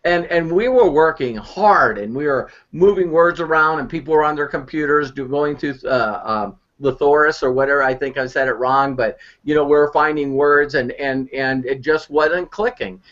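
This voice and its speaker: Man, storytelling mentor, fairly high voice, animated, stumbles and repeats, muffled call audio. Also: moderate pace, few pauses. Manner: animated, repeats words while speaking. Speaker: online marketing mentor. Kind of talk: storytelling on a live video conference. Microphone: video call.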